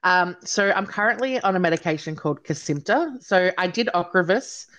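A woman's voice: lowish voice, lively intonation, normal speed, fairly bright tone. A woman guest talking frankly and casually in an interview, blunt and occasionally swearing. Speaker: podcast guest. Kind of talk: candid casual conversation.

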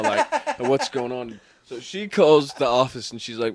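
Animated man telling a story. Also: moderate pace, few pauses. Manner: animated, acts out quotes in a lively pitch. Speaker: podcast co-host. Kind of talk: casual storytelling.

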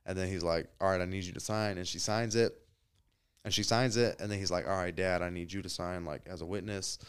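Low-voiced man telling a story. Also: brisk, smooth. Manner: animated storyteller, acts out quotes, swears freely. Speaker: podcast guest. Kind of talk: casual storytelling chat.

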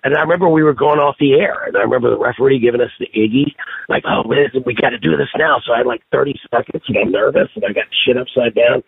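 A man on a podcast telling stories in a casual, profane, animated way. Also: mid-range voice, quick pace, creaky, slightly rough, no echo. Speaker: podcast guest. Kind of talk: casual storytelling chat. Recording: tinny phone-line sound.

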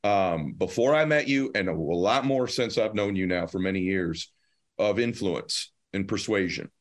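A man hosting a podcast interview, speaking earnestly and jumping high in pitch when he jokes. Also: moderate pace. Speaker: podcast host. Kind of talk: casual interview chat.

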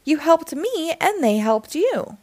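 A woman's voice: high-pitched, big pitch swings, takes it slowly, a little mellow, no room sound, voice pushed up, full character voice. A woman voicing a big, self-important male dump truck in a storybook, talking in a bossy, brusque way. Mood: grateful.

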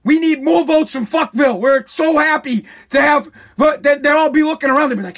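A political commentator ranting with heavy profanity and sarcasm, swinging between loud mockery and a mock-calm hush. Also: sits high, fairly quick, hardly any pauses.

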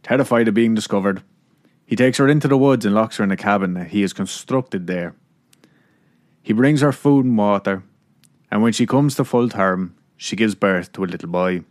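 A man voicing a gloomy, level-headed old school principal with a heavy rural Irish accent, telling a folk tale slowly. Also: on the low side, no echo, close to an everyday voice. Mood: ominous.

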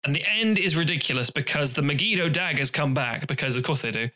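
A man's voice: a little high, quick pace. A man co-hosting a podcast, chatting casually and animatedly about films, swearing and acting out scenes. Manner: animated, swearing, acts out scenes in silly voices. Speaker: podcast co-host. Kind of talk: casual film chat.

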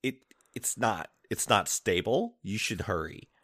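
Low, lively-voiced man chatting about games. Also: a little slow, husky, dry recording, studio quality. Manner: laughing, animated, mimics game characters. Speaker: podcast co-host. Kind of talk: casual gaming chat.

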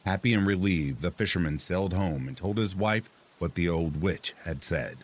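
A man narrating a folk tale in a measured, expressive reading. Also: sits low, slight background noise. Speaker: storyteller. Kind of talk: scripted storybook narration.

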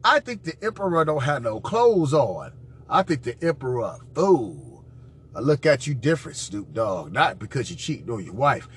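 A man hosting a podcast, reacting to played audio with loud, profane, mocking commentary that swings from squeals to low growls. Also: sing-song, moderate pace, a little hiss or hum.

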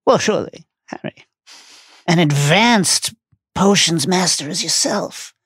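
A man reading aloud as a fussy, flattering old male potions teacher, drawing out his coaxing words. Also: high voice, measured pace, slightly rough, no room sound, clean studio sound, pitched above the performer's own voice, exaggerated voice.

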